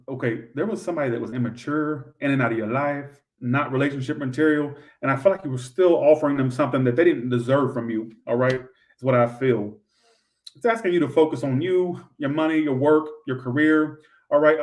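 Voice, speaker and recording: A man doing a live tarot reading, blunt and profane, breaking into loud outbursts now and then. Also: fairly high pitch, recorded from a distance. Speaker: tarot reader.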